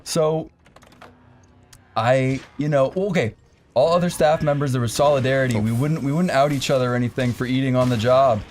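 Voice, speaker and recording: Profane, animated man telling stories. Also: mid-range voice, brisk, a little hiss or hum. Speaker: podcast co-host. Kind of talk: casual storytelling.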